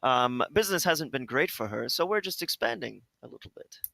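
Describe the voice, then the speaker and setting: A man's voice: mid-range voice, big pitch swings, fairly quick, vocal fry, bright, forceful tone, no echo, heavily acted. A man voicing a courteous bookie's agent who speaks in a formal, overly polite manner. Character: courteous male bookie's agent, smooth talker.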